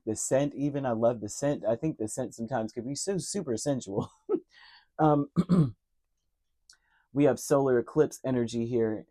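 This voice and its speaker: Male tarot reader, mellow and dark in tone, emotionally earnest, speaks directly to the listener, repeats key words. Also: mid-range voice. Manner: repeats key words, many fillers and restarts. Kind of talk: direct-to-camera tarot reading.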